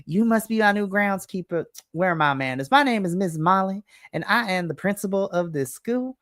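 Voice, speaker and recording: A woman's voice: mid-range voice, expressive, normal speed, no room sound, studio quality, pitched above the performer's own voice, close to an everyday voice. A woman voicing a preppy, petite Southern school principal who gushes and calls everyone honey and darling. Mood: sugary gushing. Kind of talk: tabletop role-play voice.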